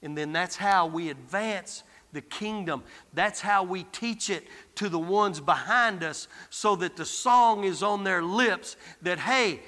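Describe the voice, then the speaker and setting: Male guest preacher, bright ringing tone, rallies the congregation, long church reverb. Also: sits high, takes it slowly, hardly any pauses. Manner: exhorting, calls out to the congregation. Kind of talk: sermon. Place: church sanctuary.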